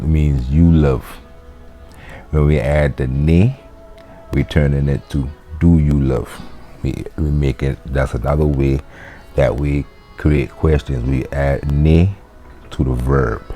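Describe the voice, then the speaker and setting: A man's voice: extremely low pitch, mellow. A man teaching a casual language lesson, explaining loosely with fillers and restarts. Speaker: Latin teacher.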